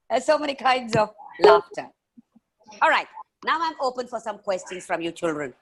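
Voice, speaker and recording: Woman, children's storyteller, playful chants and sound effects, video call mic. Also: medium pitch. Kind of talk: live storytelling session for children.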